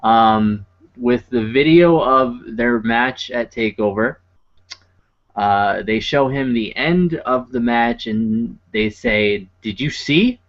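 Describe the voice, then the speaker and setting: A man co-hosting a podcast, recapping a show in casual, rambling chat full of fillers and wry asides. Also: medium pitch. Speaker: podcast co-host. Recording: dull lo-fi podcast audio.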